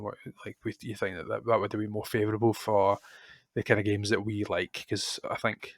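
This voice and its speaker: Rambling Scottish man, low dry voice. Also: flat delivery, normal speed, no room sound. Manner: rambling, many restarts and fillers. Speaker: podcast co-host. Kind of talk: casual chat.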